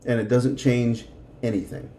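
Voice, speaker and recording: A man's voice: mid-range voice, flat delivery, normal speed, dark tone, reverberant. A middle-aged man teaching a Spanish lesson, patiently explaining grammar and repeating words for practice.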